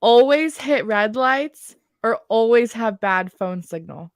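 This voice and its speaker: A woman's voice: a little high, expressive, slow pace, no room sound. Young woman podcast host, teasing and giggly, dry close mic. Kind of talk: casual chat.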